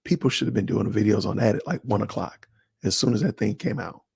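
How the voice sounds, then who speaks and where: Gravelly man casually chatting on a livestream. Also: lowish voice, fast, dry recording, studio quality. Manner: animated, talks to chat viewers by name, slangy. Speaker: livestream host. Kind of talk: casual livestream chat reading comments.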